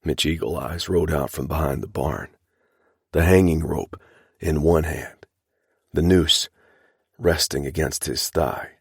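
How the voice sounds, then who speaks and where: A man reading a western audiobook in a measured, even way. His voice is very deep and low, and the recording is dry and close with no room sound. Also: gravelly, slightly rough, dry recording. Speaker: audiobook narrator. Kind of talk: scripted audiobook narration.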